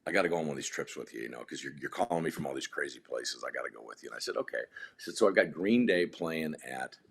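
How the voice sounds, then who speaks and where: A middle-aged man telling rambling, animated stories in a casual podcast chat, often restarting his sentences. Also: extremely low pitch, fast talker, vocal fry, husky. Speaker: podcast guest.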